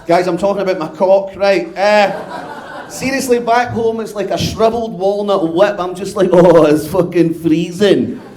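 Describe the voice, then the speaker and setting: A Scottish man in his fifties works a live comedy crowd in a high, bright voice. He is brash and sweary and gets loud as he banters. The sound is echoey, as from a live venue. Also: moderate pace. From Scotland. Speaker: stand-up comedian. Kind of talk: live stand-up routine.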